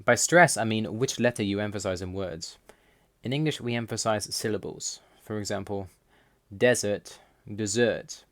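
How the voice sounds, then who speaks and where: Man, lower voice, measured voice-over explainer for a language lesson. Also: no room sound, studio quality. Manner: measured, reads out word lists slowly. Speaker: language learner explaining Russian.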